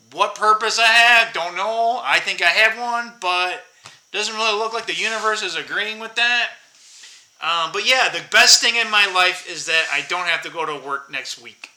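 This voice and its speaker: A man's voice: high voice, moderate pace, sharp tone, poor audio. A man in his fifties rambling bitterly to his viewers in a casual monologue, swearing and laughing to himself. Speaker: vlogger.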